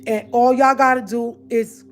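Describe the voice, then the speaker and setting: This online commentator talks to the camera in a casual rant, her voice fairly high, her tone steady and her pace measured. She sounds confrontational and emphatic, hammering the same points repeatedly.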